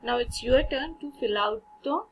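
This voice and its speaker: A woman's voice: fairly high pitch, normal speed, fairly bright tone, soft background music, low-quality recording. A woman from India, teaching a French textbook lesson, reading short dialogues aloud and explaining them casually in with frequent fillers.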